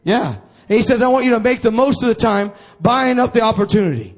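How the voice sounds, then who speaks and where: A man's voice: extremely high pitch, fairly quick. A man preaching a sermon to his congregation, calling for responses and repeating his phrases. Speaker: pastor.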